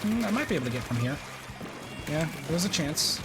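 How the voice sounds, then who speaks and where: A young man giving live gameplay commentary, excitable and swearing as he reacts out loud, over game music. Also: on the high side, fairly quick. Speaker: streamer.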